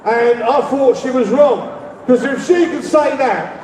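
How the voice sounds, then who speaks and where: A middle-aged man with a London accent giving a rambling rally speech as an activist, shouting demands and leading the crowd in call-and-response. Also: very high voice, measured pace. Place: public rally. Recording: echoey, distant, with crowd noise. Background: faint crowd and ambient noise.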